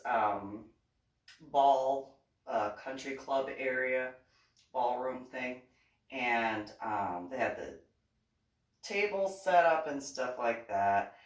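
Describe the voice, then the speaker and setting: East coast lady telling a story, laughs a lot, does the voices, sounds a bit far off in a roomy space. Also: very deep voice. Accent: East Coast American. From East Coast of the United States. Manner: chatty, laughs often, acts out quoted voices. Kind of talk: casual personal storytelling. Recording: echoey room, set back from the mic.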